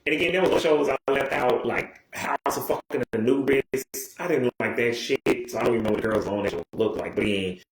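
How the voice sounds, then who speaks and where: A man's voice: medium pitch, a little fast, hardly any pauses. A man talking to his video audience in a rambling, casual monologue, full of digressions, restarts and swearing. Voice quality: profane, digressive, many restarts. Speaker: YouTuber. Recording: roomy echo.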